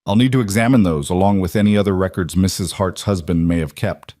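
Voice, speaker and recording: A man voicing a firm, flat-spoken male territorial marshal, low-voiced and dry. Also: quick pace, dry recording, close to an everyday voice. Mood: authoritative.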